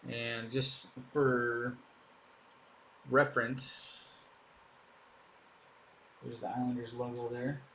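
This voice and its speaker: Slow-talking man hosting a card break. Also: mid-range voice, level tone, sharp tone, slight background noise. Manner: chatty, upbeat, thinking aloud between reveals. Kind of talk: casual live commentary while opening packs.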